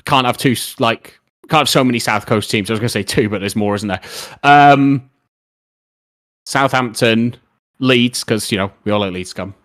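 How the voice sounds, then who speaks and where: A young man chatting live to his viewers. He rambles through football opinions with frequent fillers and restarts, and picks up questions from the chat. His voice sits at an ordinary middle pitch. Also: moderate pace, fairly bright tone. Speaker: streamer. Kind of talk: casual live-stream chat.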